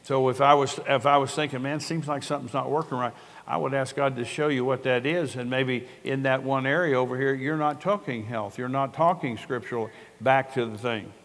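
A man's voice: mid-range voice, fairly even intonation, normal speed, few pauses, fairly bright tone. An older man, a pastor, preaching a sermon in an earnest, conversational way and telling stories with quoted dialogue. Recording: long reverb of a large hall.

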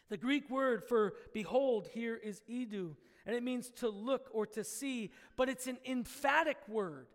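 A man with a very high voice preaches a sermon, swinging from loud emphatic bursts to quiet drops. He slips into casual asides and playful quoted voices. The sound carries a long reverb of a large hall. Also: measured pace. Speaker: pastor.

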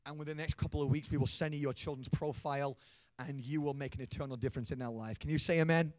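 High-voiced young pastor preaching animatedly. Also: male voice, quick pace, no room sound. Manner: animated, joking, builds to shouting emphasis. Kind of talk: sermon. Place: church.

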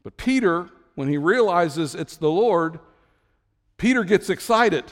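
A man with a fairly high voice preaches a sermon in a storytelling way. He swings from low, quiet asides up to high, excited bursts. His voice rings with the long reverb of a large hall. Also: unhurried. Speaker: pastor.

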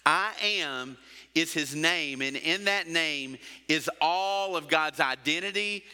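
A man's voice: a little high, slow, pushed and bright, smooth, in a large hall. A middle-aged man preaching a sermon as pastor, asking rhetorical questions and acting out everyday quotes.

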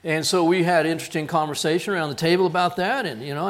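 A male pastor preaching a sermon, telling a story with lively acted-out dialogue. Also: a little high, fairly quick. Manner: animated storyteller, acts out quoted voices. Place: church.

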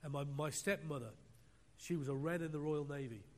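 A British man preaching a sermon with emphatic, repeating phrases that swing between loud and quiet. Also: a little high, fairly quick. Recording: long hall reverb.

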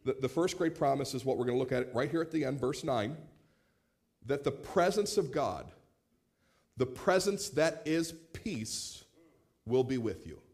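Animated man preaching a sermon. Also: mid-range voice, a little slow. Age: 30s. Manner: animated, acts out quoted voices, repeats words when starting. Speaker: pastor.

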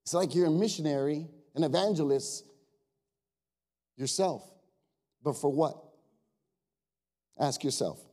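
A male pastor giving a lively, animated sermon, speaking directly to his congregation with jokes and quiet asides. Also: on the high side, a little slow, long pauses.

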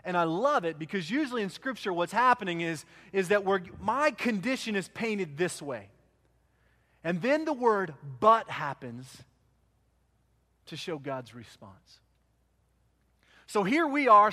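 Brief: male pastor, higher-pitched voice, dynamic sermon delivery, loud peaks and quiet drops. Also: very animated. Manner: swings from loud emphasis to hushed, slowed phrases.

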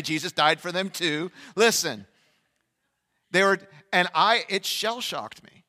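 Male pastor preaching, high voice, bright tone, long church hall reverb, loud bursts then quiet asides. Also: unhurried. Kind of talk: energetic Easter sermon. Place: large church sanctuary.

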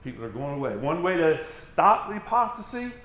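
A man's voice: a little high, big pitch swings, a little fast, a bit bright, roomy sound. A man preaching a sermon as a pastor, driving each point home with emphatic repetition.

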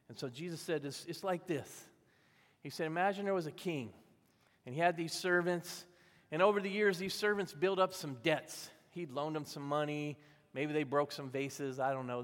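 A man's voice: fairly high pitch, long reverb tail. A man preaching a sermon as a pastor, telling a parable in a conversational way and voicing its characters. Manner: conversational storytelling, acting out voices in the parable.

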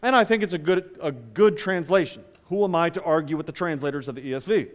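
A man preaching a sermon as pastor, swinging between loud emphatic lines and hushed asides. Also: on the high side, animated, quick pace, long reverb tail.

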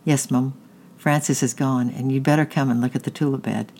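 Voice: medium pitch, steady tone, fairly quick, darkish tone, natural voice. Kate, a remorseful schoolgirl, read by a narrator. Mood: upset. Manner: pleading, upset.

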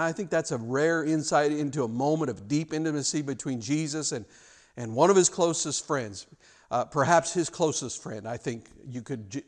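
Emphatic preacher man, slightly high voice. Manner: emphatic, animated retelling with many restarts. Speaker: pastor. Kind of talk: sermon.

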